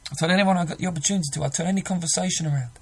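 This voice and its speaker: A man's voice: high voice, racing, slightly rough, poor audio. A man preaching a sermon, earnest and emphatic, often restarting his sentences.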